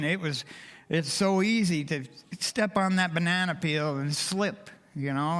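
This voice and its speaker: An older man giving a heartfelt, emotional personal testimony to a church congregation. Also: a little high. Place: church sanctuary. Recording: long reverb of a church hall.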